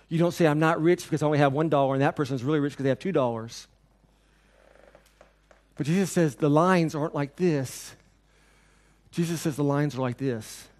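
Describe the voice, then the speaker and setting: A pastor preaching a sermon in a church, with an earnest, repetitive cadence. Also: male voice, on the high side, normal speed.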